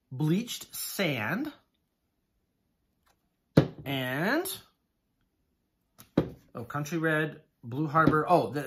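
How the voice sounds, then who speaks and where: A man vlogging to camera as he unpacks items, gushing and exclamatory, excited with shaking hands, often stopping to say how amazed he is. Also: on the high side, slight background noise. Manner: gushing, exclamatory, keeps repeating "oh my goodness". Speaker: haul vlogger. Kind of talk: casual unboxing chat to camera.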